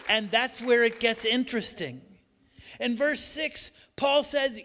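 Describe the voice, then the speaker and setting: A man preaching with a notably high voice, his words ringing out through a church with a long reverb. His delivery is emphatic, climbing to loud, repeated declarations. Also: slow. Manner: emphatic preaching that swells to shouted repetitions. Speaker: pastor. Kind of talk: sermon. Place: church sanctuary.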